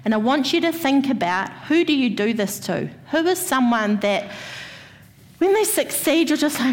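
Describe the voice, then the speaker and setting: A woman's voice: sits high, animated, normal speed. Woman preaching in an echoing hall. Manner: personal storytelling, addresses the congregation directly. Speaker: church speaker. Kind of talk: sermon. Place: church hall.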